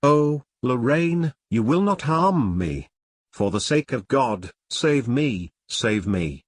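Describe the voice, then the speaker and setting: A frightened young woman pleads in slow, drawn-out, lifted phrases, as a male narrator puts her on. Her voice sits in a middle register and sounds close and dry, with no room around it. This is an audiobook reading of an old novel. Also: medium pitch, sing-song, breathy edge, dry recording, exaggerated voice. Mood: terrified pleading.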